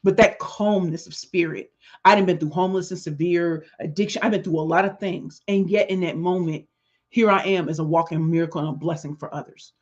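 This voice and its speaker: A middle-aged woman hosting her podcast, telling a story in an animated, conversational way with emphatic repetitions. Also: on the low side, a little fast. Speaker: podcast host and business speaker. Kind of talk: storytelling monologue. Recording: dull lo-fi sound.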